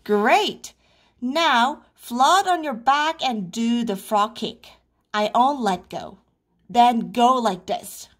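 A woman's voice: on the high side, lively intonation, takes it slowly. Woman doing a coaxing mother frog. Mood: encouraging. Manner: coaxing, encouraging.

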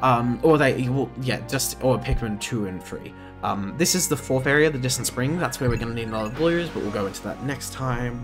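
A young man in his twenties talks through a video game at a middle pitch, wandering off on tangents and filling gaps with ums. Game music plays clearly behind his commentary. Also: animated, moderate pace. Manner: rambling, easily sidetracked, many fillers and restarts. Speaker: gaming channel host. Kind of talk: casual let's-play commentary.

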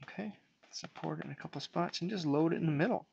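Fast and a little high, this man's voice is creaky, darkish in tone, and slightly rough. Unscripted at the whiteboard, he explains step by step while drawing, with frequent restarts and fillers. The sound is dull and lo-fi.

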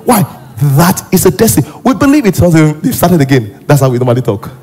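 A pastor delivers an animated sermon in a church. His voice sits high and slightly husky, and he often slips into acted characters. Faint music plays underneath. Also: brisk.

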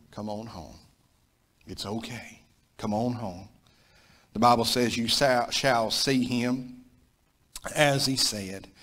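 This is a Southern American pastor giving a sermon, his voice mid-pitched and male. He repeats himself emphatically, rising to loud peaks and then falling low.

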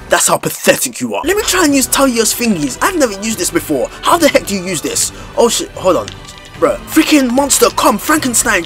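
Young man, gameplay commentary, excitable trash talk, high-pitched, faint background music. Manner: loud, excitable trash talk, frequent swearing and outbursts. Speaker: gaming YouTuber.

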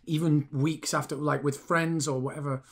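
Male co-host in his forties, casual rambling talker, fairly high pitch. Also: little pitch movement, normal speed, gravelly. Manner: rambling, restarts thoughts, asks his co-host questions. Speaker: podcast co-host. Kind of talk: casual chat.

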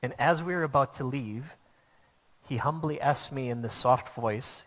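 A man's voice: medium pitch, a little slow, fairly bright tone. Earnest male preacher in a reverberant hall. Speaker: pastor. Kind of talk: sermon.

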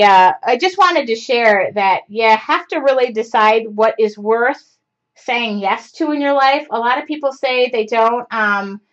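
Her voice sits on the high side with a fairly bright tone as this forties-aged woman rambles casually through her live craft show, fillers and all. The computer mic on the stream gives it a dull, lo-fi sound.

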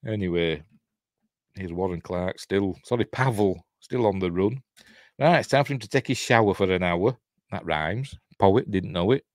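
A middle-aged Yorkshire host speaks a little slowly in a deep voice, leaving long pauses as he chats casually over a film. His talk meanders, broken up by chuckles and by cutting himself off. It's a dry, clean studio recording.

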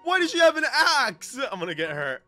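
A young man giving excitable gameplay commentary as a gaming YouTuber, laughing a lot and often calling people "bro". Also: very high voice, brisk, dry recording, soft background music.

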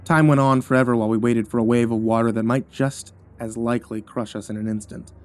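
A man narrating a scripted horror story in a measured, somber way. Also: mid-range voice, fairly even intonation, darkish tone. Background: faint music.

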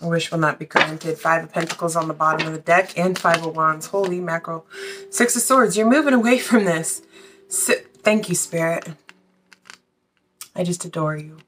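A woman's voice: lowish voice, moderate pace, fairly bright tone, a little hiss or hum. A woman doing a casual tarot reading, chatty and blunt, swearing freely and a little out of breath. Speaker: tarot reader.

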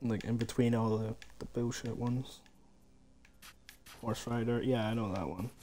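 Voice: mid-range voice, steady tone, unhurried, mellow, faint music behind. A streamer giving casual commentary while browsing a game's moves, laughing often and swearing freely.

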